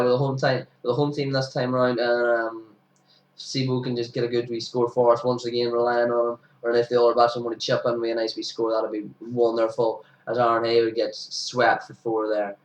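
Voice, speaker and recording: A young man talks through cricket highlights in a chatty, casual commentary and breaks into excited shouts whenever a big moment comes. His voice sits at an ordinary pitch and has a sniffly, hay-fever edge. He sounds set back from the mic in a roomy, echoing space. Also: distant mic, dull audio. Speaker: amateur cricket commentator for his own club.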